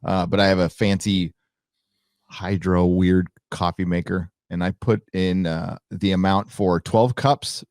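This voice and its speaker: A man's voice: deep voice, fairly even intonation, unhurried, a little mellow, no echo. A man talking as a guest on a casual live chat, blunt and swearing freely as he rants.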